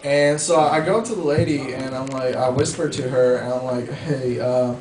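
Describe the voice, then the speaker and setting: A man's voice: mid-range voice, brisk. A man casually telling a funny personal story, hesitant and chuckling, with many fillers. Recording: roomy sound from a distance with crowd noise.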